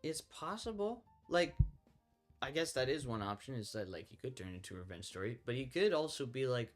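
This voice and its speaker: A man's voice: medium pitch, big pitch swings, fairly quick, soft background music. A young man co-hosting a casual Bible discussion podcast, exasperated and keeps steering the talk back on topic. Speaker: podcast co-host.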